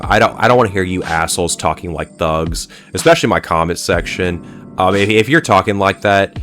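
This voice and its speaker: A man's voice: sits low, brisk, fairly bright tone, soft background music. A man giving a rambling, profane solo video commentary, full of "like" and "uh". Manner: rambling, profane, heavy use of "like" and "uh". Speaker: pop culture commentator.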